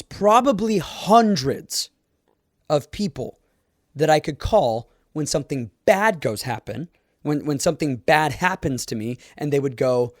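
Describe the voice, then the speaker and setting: A man's voice: on the high side, no room sound, clean studio sound. A young man hosting a solo podcast, talking in a casual, rambling way with fillers and little laughs. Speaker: podcast host.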